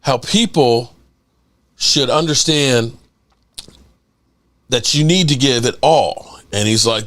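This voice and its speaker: A middle-aged man hosting a casual livestream podcast, telling a story in an animated way, acting out quotes and swearing casually. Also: medium pitch, slow, long pauses. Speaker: podcast host.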